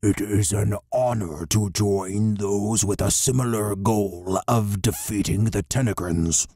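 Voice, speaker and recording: A man doing a deep grizzled warrior alien. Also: fairly even intonation, slow pace, warm tone, breathy edge, dry recording, studio quality, full character voice. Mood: gruff. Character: grizzled four-armed male warrior alien.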